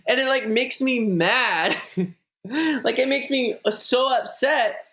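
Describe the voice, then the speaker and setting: A man's voice: very high voice, takes it slowly, pushed and bright. Rambling young man chatting on stream. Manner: rambling, many fillers like "like", chatty. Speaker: streamer reading viewer messages. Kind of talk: casual live-stream chat.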